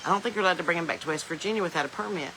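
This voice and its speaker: Chatty Southern woman with a bright voice. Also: lowish voice, very fast, slight background noise, poor audio. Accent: Southern American. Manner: chatty, joking, laughs often, drawling asides. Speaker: podcast host. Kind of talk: casual livestream chat reading viewer comments. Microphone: phone.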